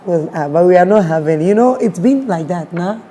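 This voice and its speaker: A woman's voice: lowish voice, animated, fairly quick, mellow, a little hiss or hum. A woman with a Ghanaian accent, a guest sharing a personal story with feeling. She acts out what people said and mixes in Twi words.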